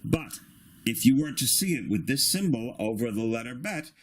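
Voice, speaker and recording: A man teaching a beginner reading lesson in a patient, instructive way, sounding out syllables slowly. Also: medium pitch, animated, slightly rough. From Australia. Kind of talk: slow recorded reading lesson.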